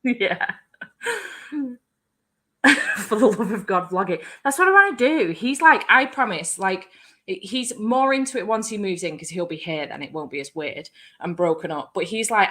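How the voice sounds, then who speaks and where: Woman host, bright, tense voice, animated, laughs often, casual chat. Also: medium pitch, normal speed. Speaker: booktube host.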